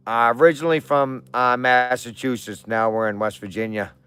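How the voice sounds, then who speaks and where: A man hosting a casual livestream from outdoors at home, chatting with viewers and cooing softly to his dogs. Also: mid-range voice, fairly even intonation, normal speed, hardly any pauses, clean tone, no echo. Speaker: livestream host. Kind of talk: casual live chat.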